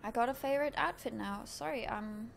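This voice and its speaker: A woman's voice: on the high side, a little fast, vocal fry, a little hiss or hum. A woman streaming a game live, chatting playfully with her viewers and laughing often at her own jokes. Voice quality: giggly, playful, self-mocking. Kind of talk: live gameplay commentary.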